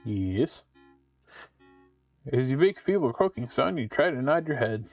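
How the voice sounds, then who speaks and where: A man's voice: medium pitch, lively intonation, unhurried, a little mellow, dry recording, distant mic, faint music behind. A man casually commenting on his own game playthrough. He reads the game's text aloud and adds joking asides. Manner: offhand, chatty, joking asides. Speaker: game streamer.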